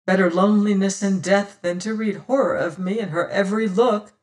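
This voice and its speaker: A man's voice: high voice, fairly even intonation, brisk. A man narrating an old-fashioned adventure novel in first person, in a solemn storytelling manner. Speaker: audiobook narrator.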